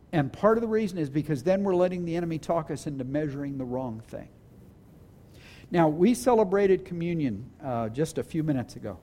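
High, lively-voiced pastor preaching earnestly. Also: male voice. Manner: earnest, with restarts and slowed emphasis. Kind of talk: sermon. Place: church hall with a congregation.

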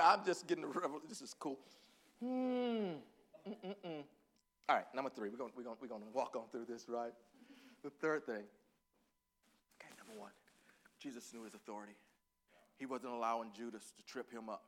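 A man from Northeast Texas with a Southern Texan accent, preaching a sermon that swings from quiet musing to loud, drawn-out exclamation. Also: medium pitch. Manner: laughs and exclaims often.

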